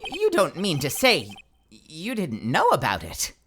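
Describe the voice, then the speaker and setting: A woman's voice: deep voice, huge pitch swings, measured pace, background noise, full character voice. A woman voicing a confident young male defense attorney who lays out a contradiction. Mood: assertive. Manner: assertive, explaining.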